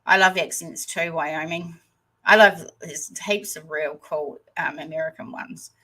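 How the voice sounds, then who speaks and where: Woman, New Zealand accent, lowish voice, slow rambling livestream chat. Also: fairly even intonation, sharp tone, low-quality recording. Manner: hesitant, rambling, many pauses. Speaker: channel host.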